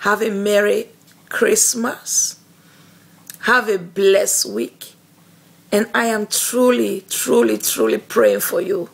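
Woman evangelist, husky and gravelly, slow and earnest, devotional video message. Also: medium pitch, steady tone. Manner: slow, earnest, encouraging, with fillers and repetitions.

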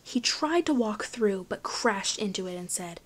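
A woman reading a novel aloud as audiobook narration, in a slow, hushed storytelling manner. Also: mid-range voice, animated. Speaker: audiobook reader.

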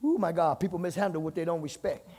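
A male pastor preaching from the pulpit, repeating phrases and building to shouts. His voice sits high and has a gravelly, husky edge. It rings with the long reverb of a church hall. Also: quick pace. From United States. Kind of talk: sermon. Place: church sanctuary.

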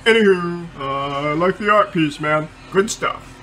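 A man's voice: on the high side, sharp tone, poor audio. A man chatting with a friend, hesitant and full of fillers. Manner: hesitant, drawn-out, filler-heavy. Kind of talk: casual film dialogue.

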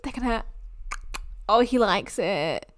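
A woman's voice: mid-range voice, expressive, takes it slowly, no room sound. A young British woman giving playful, teasing commentary while reacting to a film. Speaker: movie reaction host.

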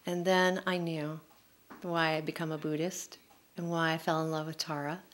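A middle-aged woman speaking to an audience about her own life, candid and emotional, her words tumbling out quickly. Her voice sits a little low for a woman. She tells the story as it comes to her, unscripted and heartfelt. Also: flat delivery. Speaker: author speaking at a public forum. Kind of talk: personal storytelling talk.

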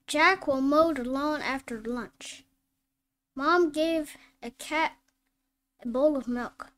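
Slow, high-voiced woman reading phonics words. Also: fairly bright tone. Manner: reads each word slowly and distinctly, self-corrects. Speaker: phonics teacher. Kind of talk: slow word-list reading lesson.

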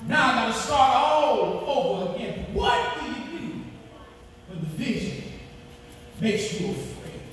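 High-voiced preacher in an echoey hall. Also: male voice, very animated, a little slow, distant mic. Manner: call-and-response preaching that builds to shouting. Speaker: pastor. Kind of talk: sermon. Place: large church hall.

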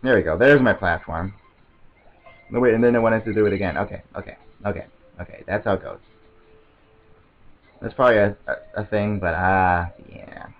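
A man giving casual, excitable gameplay commentary, rambling to himself and often stammering over restarts. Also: on the low side, moderate pace, pauses often, dull audio. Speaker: let's play commentator.

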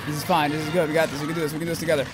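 A man giving let's-play commentary while playing, swearing often and swinging from low grumbling to high yelps. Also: little pitch movement, rapid-fire. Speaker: gameplay commentator. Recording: game music loud behind voice.

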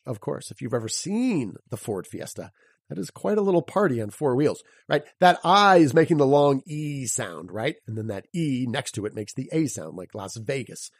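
A man hosting a solo podcast lesson. He spells words out letter by letter and asks his listeners rhetorical questions in a lively, teacherly way. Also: fairly high pitch, slightly rough, no room sound, clean studio sound. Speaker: podcast host and sales coach.

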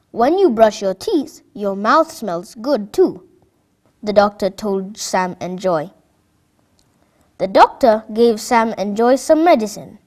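A woman narrates a children's story aloud. She reads clearly and expressively, with a higher pitch that rises and falls a lot. Her pace suits young listeners.

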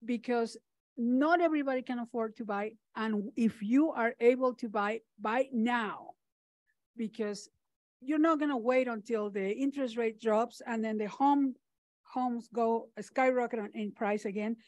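A woman's voice: fairly high pitch, unhurried, darkish tone, no room sound. Earnest woman answering in class. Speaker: realtor in the audience.

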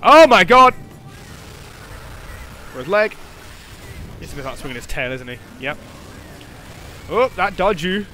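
A young man giving excitable gameplay commentary, swearing and shouting at the game. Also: fairly high pitch, normal speed, long pauses, faint music behind. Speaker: gaming commentator.

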